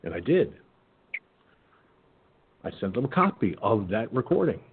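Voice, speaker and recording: A man's voice: on the low side, sing-song, a little slow, a little hiss or hum. A man hosting a call-in radio show, telling stories in a blunt, profane way, over a phone-like line. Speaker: talk radio host.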